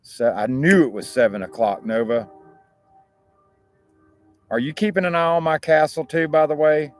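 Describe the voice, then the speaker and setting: A man's voice: on the high side, moderate pace, faint music behind. A man with an American accent, hosting a talk show and chatting casually to his viewers in a rambling, profane way. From United States.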